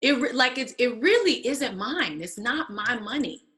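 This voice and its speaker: A woman guest telling a personal story in casual conversation, animated and acting out quoted voices. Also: fairly high pitch, moderate pace. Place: church stage.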